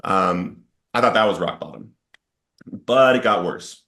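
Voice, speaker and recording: Male guest, lower register, earnest testimony delivery, builds intensity when recounting outbursts. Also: lively intonation, measured pace, pushed and bright. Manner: earnest, storytelling with rising intensity in quoted outbursts. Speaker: podcast guest sharing recovery story. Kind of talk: emotional personal testimony.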